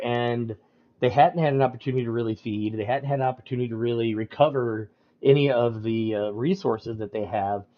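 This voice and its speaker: A man's voice: medium pitch, lo-fi sound. A man on a livestream explaining tabletop game rules in a casual, rambling way, with lots of ums and restarts. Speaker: storyteller explaining game mechanics.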